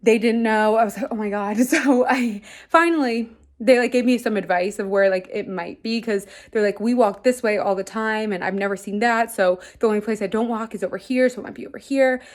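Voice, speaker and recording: A woman's voice: on the high side, brisk. Chatty young woman vlogging. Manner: chatty, says "like" constantly. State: out of breath. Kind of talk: casual vlog chat.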